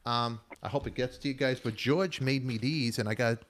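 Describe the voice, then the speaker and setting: A man hosting a casual live-stream talk show, excitable and teasing, often repeating himself. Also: mid-range voice, normal speed, a little hiss or hum.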